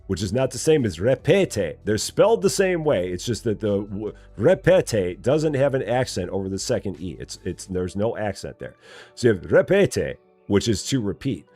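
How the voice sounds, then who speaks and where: A man chatting casually and joking as he live streams a store simulator game, rambling and laughing. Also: slightly rough. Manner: jokey, rambling, laughs often, lively swings in pitch.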